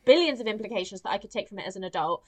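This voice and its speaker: A woman's voice: medium pitch, expressive, rapid-fire. A woman ranting in casual chat as a podcast co-host, swearing freely and acting out the characters she complains about. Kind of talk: casual film review chat.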